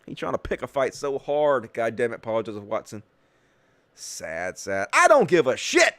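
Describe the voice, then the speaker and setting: A man's voice: medium pitch, sing-song, normal speed, fairly bright tone, no echo. A man hosting a political commentary show, talking in a sarcastic, mocking and profane way. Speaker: host.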